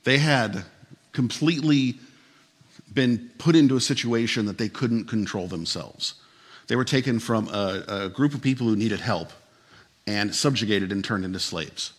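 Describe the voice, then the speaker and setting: A man's voice: fairly low pitch, normal speed, slightly rough. A man preaching a sermon as pastor, telling stories in an easy, conversational way with some humor, and turning earnest and emphatic when he makes his point.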